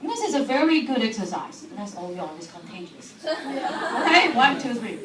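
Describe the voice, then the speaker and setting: A woman's voice: fairly high pitch, very animated, moderate pace, a crowd in the background. A woman talking to a live audience, asking them questions and laughing often. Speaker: speaker. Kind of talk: lively talk to an audience. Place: hall. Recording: echoey hall recorded from far off, background noise.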